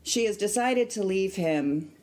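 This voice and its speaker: A woman theatre director explains a play on a podcast. Her speech is slow and measured, and her pitch rises and falls a great deal. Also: animated, a little mellow. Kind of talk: casual podcast chat.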